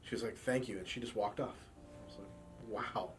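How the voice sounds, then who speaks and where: Faint music sits under this fairly low, fairly quick male voice. He is a campus cop and support dog handler recounting stories in a documentary interview, casually performing the quoted lines as he goes.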